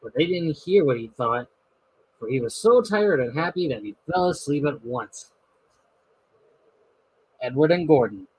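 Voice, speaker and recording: A man reading a children's storybook aloud, expressive and lively with small slips. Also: medium pitch, measured pace, long pauses, slightly rough, low-quality recording. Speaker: storybook narrator.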